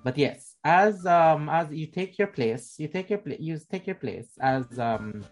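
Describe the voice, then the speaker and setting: A man running a tabletop game as game master, narrating in a halting way with many restarts and fillers. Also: on the high side, animated, soft background music.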